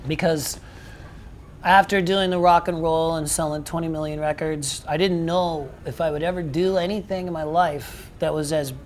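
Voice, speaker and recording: A man's voice: a little high, fairly even intonation, moderate pace, a little hiss or hum. A man, a rock singer, telling stories in a casual interview, rambling with restarts and frequent swearing.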